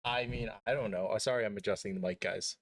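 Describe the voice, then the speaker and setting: A man's voice: on the low side, quick pace. Joking young male streamer. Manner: joking, rambling, swears casually. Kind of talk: casual live-stream chat.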